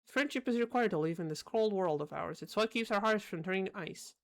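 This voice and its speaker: A woman's voice: medium pitch, lively intonation, a little fast, close to an everyday voice. A woman voicing a proud queen in a game, speaking in a grand, declamatory way. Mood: regal. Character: proud queen, lofty and imperious.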